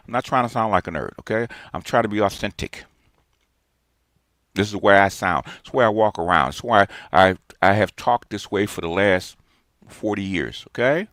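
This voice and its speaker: A man's voice: on the low side, expressive, normal speed, a bit bright, dry recording, clean studio sound. A man in his sixties gives a ranting, lecturing response monologue as a streamer, emphatic and repeating his points. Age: 60s.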